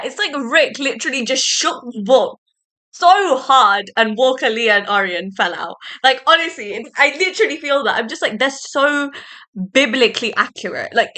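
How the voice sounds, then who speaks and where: Chatty bright-voiced young woman. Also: sits high. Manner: chatty and excitable, many "like"s and tangents. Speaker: podcast host. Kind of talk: casual solo podcast chat.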